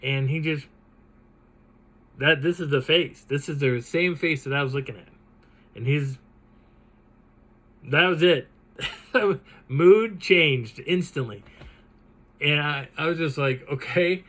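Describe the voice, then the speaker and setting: A man hosting his own channel, telling a personal encounter story in an animated, dramatic way. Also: fairly high pitch, slow pace, long pauses, poor audio. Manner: animated, dramatic retelling with laughs. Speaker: channel host.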